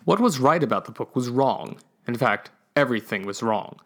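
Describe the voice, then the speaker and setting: A man's voice: medium pitch, animated, moderate pace, a bit bright. Playful male podcast storyteller. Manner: playful narration. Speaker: podcast host and writer. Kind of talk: story reading.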